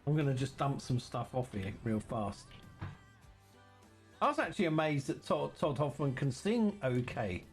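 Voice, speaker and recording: A man's voice: medium pitch, big pitch swings, moderate pace, faint music behind. Chatty man streaming a game. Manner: chatty, teasing, rambling. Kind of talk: casual chat while streaming a game.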